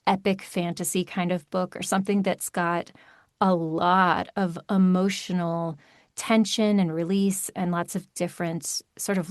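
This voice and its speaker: A woman audiobook narrator talking in a podcast interview, animated and emphatic with quick asides. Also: on the low side, no echo, clean studio sound.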